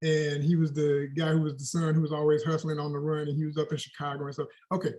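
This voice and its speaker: A man in his forties, a guest actor chatting in an interview, telling animated stories with a lot of casual slang. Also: fairly high pitch, fast. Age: 40s. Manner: animated storyteller, slangy and expressive.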